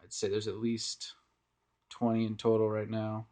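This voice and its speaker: This young aquarium hobbyist speaks in a fairly low, mellow monotone at a moderate pace while giving a casual, rambling tour of his home tanks. He films the walkthrough on a handheld phone in a room full of aquariums.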